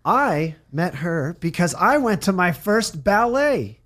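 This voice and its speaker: A man's voice: high-pitched, big pitch swings, slow pace, fairly bright tone. A man hosting a recovery radio show, talking in a rambling, jokey, enthusiastic way. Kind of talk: casual interview chat. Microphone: studio mic, on camera.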